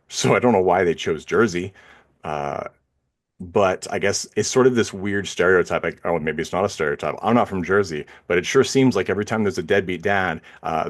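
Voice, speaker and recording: A man co-hosting a film podcast, talking casually and rambling with frequent fillers and restarts. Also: sits low. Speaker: podcast co-host. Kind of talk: casual film review chat.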